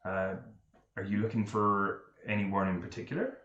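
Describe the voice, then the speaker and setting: A man narrating as game master in a tabletop game, talking in a measured way with frequent fillers. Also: fairly low pitch, fairly even intonation, fairly bright tone, reverberant, highs cut off. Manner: measured, hesitant, with many fillers.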